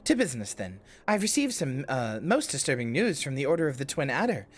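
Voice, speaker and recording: A woman's voice: a bass voice, sing-song, brisk, heavily acted. A woman reading game lines as an earnest young woman leader, in a slightly British, formal voice.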